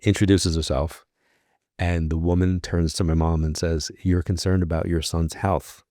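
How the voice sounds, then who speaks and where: A man with a low, deep voice tells a story on a podcast, acting out the lines of the people he quotes. He grew up in New York and talks in a relaxed, chatty way. The sound is close and dry, with no room echo. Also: moderate pace. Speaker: podcast guest, psychic medium. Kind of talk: casual storytelling.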